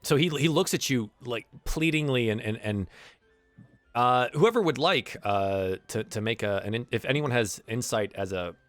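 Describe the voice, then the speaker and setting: A man's voice: mid-range voice, lively intonation, normal speed, dry recording, soft background music. A man narrating as game master of a tabletop game, rambling with many fillers and restarts.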